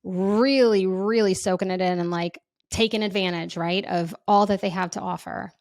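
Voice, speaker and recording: A woman's voice: mid-range voice, steady tone, moderate pace, a little mellow, no room sound, clean studio sound. A woman podcast host and coach telling a personal story in a candid, chatty way, with lots of filler words.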